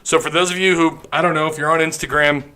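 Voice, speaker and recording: A man's voice: a little high, steady tone, fast, bright, forceful tone, clean tone. A man hosting a podcast live stream, chatting loosely and joking while drinking beer. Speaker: podcast host. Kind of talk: casual live stream chat.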